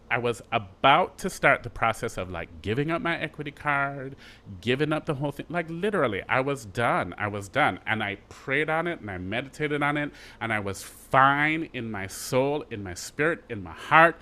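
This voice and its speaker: A middle-aged Jamaican actor, speaking at medium pitch, is being interviewed as a guest. He tells his story in a lively way, tossing in quick asides and restarts.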